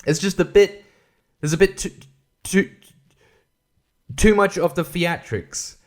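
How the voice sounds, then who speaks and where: A man's voice: sits high, slow pace. A man hosting a podcast, chatting casually about a film in a rambling, joking and profane way. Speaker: podcast host. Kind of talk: casual film-review chat.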